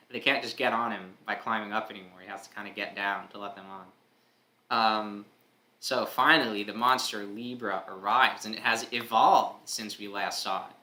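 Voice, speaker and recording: A chatty man hosts a live comic read-along in a casual tone. His voice is bright and a little sharp, with loose fillers and easy laughs between remarks. The recording has a noticeable room echo. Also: lowish voice. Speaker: host reading a comic live.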